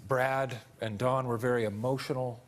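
A man's voice: medium pitch, fairly even intonation, normal speed. Enthusiastic joking male actor guest.

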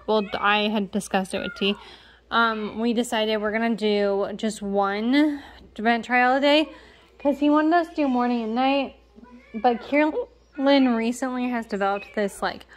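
Young woman, kinda high voice, rambly casual vlog update, lots of um and like, got the hiccups. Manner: rambling, filler-heavy, self-correcting. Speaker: parent vlogger.

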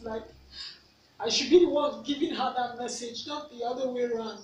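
A woman's voice: high voice, moderate pace. A Nigerian woman vlogger telling a personal story, earnest, repeating herself for emphasis. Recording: echoey room, mic at a distance, faint noise.

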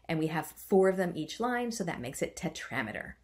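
A woman's voice: on the low side, sing-song, brisk, hardly any pauses. A woman teaching a writing workshop. She chants the stressed beats aloud and adds playful, self-mocking asides. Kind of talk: online writing lesson.

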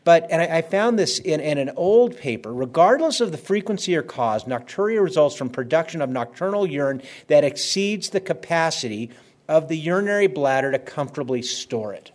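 A man's voice: a little high, lively intonation, a little fast, a little mellow. A man giving a conversational medical lecture, stressing key words and repeating them for emphasis. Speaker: physician lecturer.

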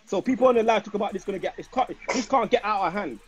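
A man's voice: high-pitched, very fast, husky. A man with a lilt, lecturing and repeating himself in a heated livestream argument.

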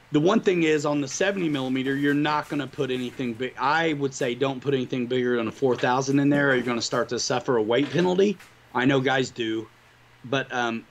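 A man's voice: mid-range voice, gravelly, slight background noise. A man co-hosting a livestream, chatting casually and upbeat with viewers. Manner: upbeat, rambling, hobby talk to viewers. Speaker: livestream co-host. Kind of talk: casual chat.

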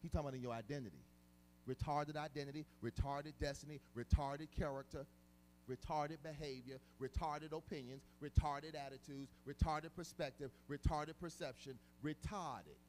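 A man preaching a sermon as pastor, emphatic and colloquial, repeating words and swinging from quiet stretches to shouts. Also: a little high, fairly even intonation, moderate pace, a little hiss or hum. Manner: casual, colloquial speech.

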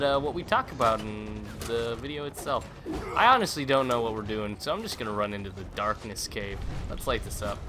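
A young man hosting a let's play, giving playful, joking commentary with sudden loud outbursts as he plays. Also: mid-range voice, noisy background. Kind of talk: gameplay commentary.

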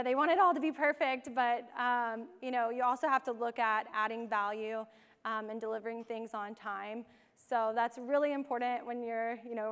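A woman's voice: on the high side, fairly bright tone, smooth. A young woman giving a casual conference talk, full of ums and you-knows. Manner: casual, many fillers like um and you know. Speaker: conference speaker. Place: large conference hall. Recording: long hall reverb.

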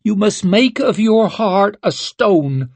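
A woman's voice: medium pitch, expressive, slow, a little mellow, husky, no room sound, pitched above the performer's own voice, exaggerated voice. A man voicing a stern, hard-hearted woman who speaks bluntly and commandingly.

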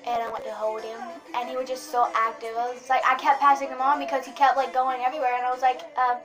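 A young woman chatting excitedly in a casual vlog, rambling with lots of fillers. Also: sits high, fast. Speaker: vlogger. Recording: music playing behind.

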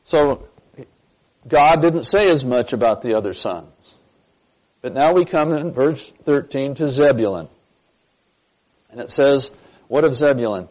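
Male pastor leading a Bible class; unhurried, keeps asking the room questions, muffled church recording. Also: medium pitch, animated, darkish tone. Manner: slow, emphatic, quizzes the class with questions. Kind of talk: Bible study teaching. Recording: dull lo-fi recording.

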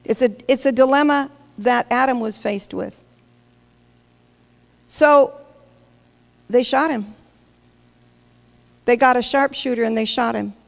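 A woman's voice: on the high side, slow, vocal fry, pauses often. A woman pastor preaching a sermon, emphatic and questioning the congregation directly. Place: large church hall. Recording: long hall reverb.

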